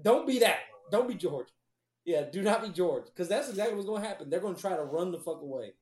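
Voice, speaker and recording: A man with a fairly high voice trading crude jokes in a casual podcast. He talks in a loose, profane, animated way, and the room around him rings with echo. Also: fast. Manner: profane, joking, animated storytelling. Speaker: podcast co-host.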